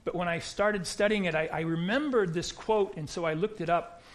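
American man, high voice, preaching, conversational, restarts sentences. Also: moderate pace. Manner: conversational, repeats words when starting sentences. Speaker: pastor. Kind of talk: sermon.

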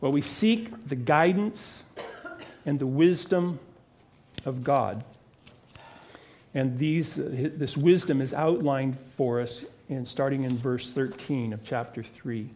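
A man preaching a sermon as pastor, earnest and emphatic, who drops into a lowered, quiet voice when he prays. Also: slow.

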